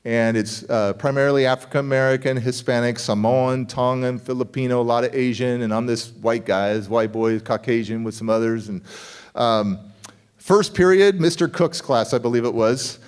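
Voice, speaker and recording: A middle-aged man giving a motivational speech and telling a story from his youth in an animated way, acting out the voices of the people in it. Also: medium pitch, moderate pace, clean tone. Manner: animated, acts out voices in dialogue. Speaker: motivational speaker.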